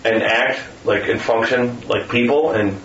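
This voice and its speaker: A man's voice: medium pitch, fairly even intonation, a little slow, a loud crowd. A man chatting casually in a sarcastic, rambling way, often mimicking voices, recorded from a distance with a muffled sound. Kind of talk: casual chat. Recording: roomy, distant, muffled with faint noise.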